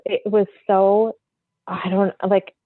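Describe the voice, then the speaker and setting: A woman's voice: medium pitch, slow, no echo. Chatty woman medium on a tinny line. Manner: animated, free-flowing, many fillers like "like" and "you know". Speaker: medium, podcast guest. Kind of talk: casual storytelling in an interview. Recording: tinny phone-like line, dry.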